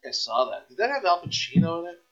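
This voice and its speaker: A man's voice: high voice, sing-song, quick pace, pushed and bright. A man hosting a podcast, chatting casually and reacting with easygoing remarks. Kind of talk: casual chat. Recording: muffled lo-fi podcast audio.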